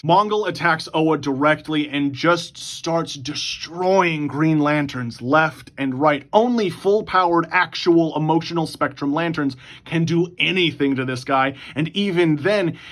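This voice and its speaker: On his own YouTube channel, this host rushes in bursts through a recap of an imagined story. His voice is a little high, and his delivery is excitable, casual, and full of profanity.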